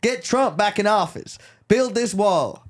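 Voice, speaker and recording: A man putting on a loud, bigoted Southern American man with a Southern accent, high and brash. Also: animated, a little slow. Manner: brash, shouty, twangy.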